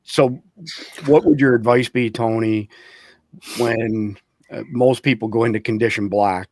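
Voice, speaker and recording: A man hosts a podcast and lays out his questions in a measured, explanatory way. His voice sits at a middle pitch, recorded dry with no room sound. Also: no echo. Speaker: podcast host. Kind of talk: interview questions.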